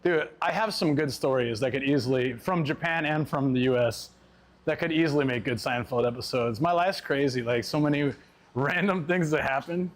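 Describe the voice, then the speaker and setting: A man with a medium-pitched voice talks at a normal speed, chatting casually on a live stream while out and about. He's laid-back, rambles through his stories and laughs often.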